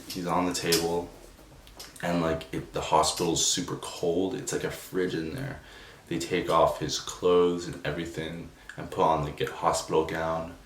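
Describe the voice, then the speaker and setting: A young man telling a personal story in a subdued, emotional way, halting with many restarts and fillers. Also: low voice. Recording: roomy echo, distant from the mic, faint noise.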